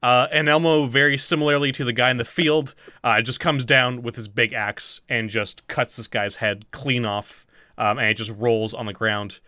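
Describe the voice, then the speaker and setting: A man's voice: mid-range voice, steady tone, normal speed, sharp tone, dry recording, studio quality. A man running a tabletop game as game master, rambling with fillers, swearing casually and laughing often.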